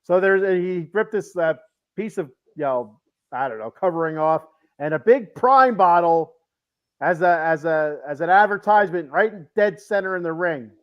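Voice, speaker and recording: A man's voice: high-pitched, moderate pace, dull audio. A man hosting a podcast in casual chat, rambling as he reads viewer comments aloud. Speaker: podcast host.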